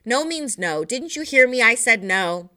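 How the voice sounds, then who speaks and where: A weary, short-tempered mother in a read-aloud storybook, as a woman reader puts her on. She snaps out flat, curt refusals in a bright, crisp voice. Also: medium pitch, moderate pace, natural voice. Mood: curt, exasperated.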